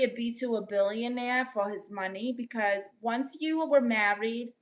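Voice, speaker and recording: Brooklyn woman, bright fairly high voice, sassy host reading chat with quick comebacks. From Brooklyn, New York. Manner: sassy, quick comebacks, reads comments aloud. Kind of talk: casual livestream chat.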